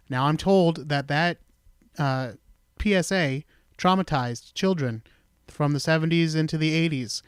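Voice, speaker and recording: A man hosting a podcast, talking in a relaxed, chatty way with casual swearing. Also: fairly high pitch, smooth, no echo, clean studio sound. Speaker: podcast host.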